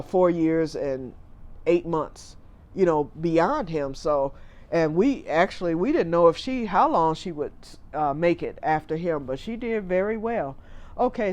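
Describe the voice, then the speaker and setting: A middle-aged man, a family caregiver, telling a personal story in a chatty, rambling way, often retelling what people said. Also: fairly high pitch.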